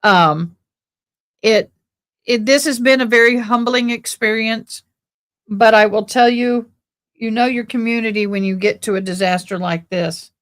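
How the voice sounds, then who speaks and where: A woman's voice: fairly high pitch, steady tone, measured pace, a bit bright. A woman with a Texan accent, hosting a casual livestream and rambling as she thanks viewers. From born in Tennessee, raised in Texas. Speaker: livestream host.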